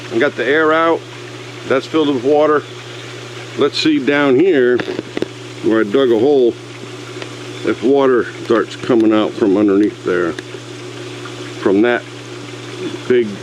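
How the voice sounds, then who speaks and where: With background noise behind him, an older man narrates a do-it-yourself pool repair outside, taking it slowly with long pauses in a mid-range voice. This DIY video host is folksy and grumbly, muttering to himself and occasionally out of breath in his casual vlog.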